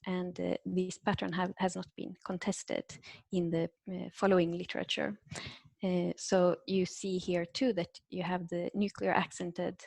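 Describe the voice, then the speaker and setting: Woman giving an academic talk on a video call, lots of uhs and restarts, bit of gravel in her voice, dry close mic. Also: lowish voice, level tone, a little slow, a little mellow, dry recording. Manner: hesitant, many fillers and restarts. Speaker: invited linguistics speaker. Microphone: computer microphone on a video call.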